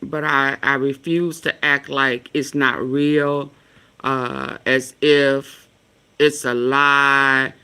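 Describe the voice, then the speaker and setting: A woman vlogger reacting to clips in slow, earnest, rambling casual commentary. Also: rumbling low, flat delivery, pushed and bright, smooth.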